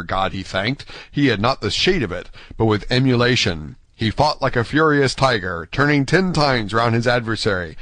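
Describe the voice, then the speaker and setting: Brief: male audiobook narrator, steady measured reading, middle pitch, dry close recording. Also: dry recording. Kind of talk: scripted narration.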